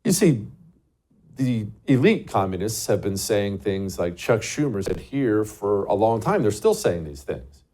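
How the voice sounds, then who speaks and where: A man's voice: lowish voice, big pitch swings, a little slow, dark tone. A man hosting a talk show, delivering an emphatic, scornful political monologue and repeating words for stress.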